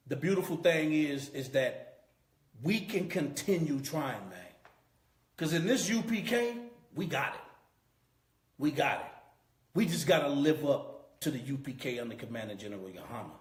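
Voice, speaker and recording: A man's voice: a little high, lively intonation, measured pace, long pauses. A man teaching a scripture class as a preacher, emphatic and repeating his key points. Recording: roomy echo.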